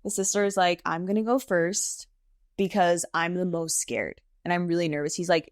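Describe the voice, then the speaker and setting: A woman in her thirties, a tattoo artist, chatting casually on a podcast and telling stories in an animated way, often saying "like" and "okay?". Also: fairly low pitch, moderate pace, dry recording, clean studio sound. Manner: animated storyteller, frequent "like" and "okay?". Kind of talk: casual podcast chat, storytelling.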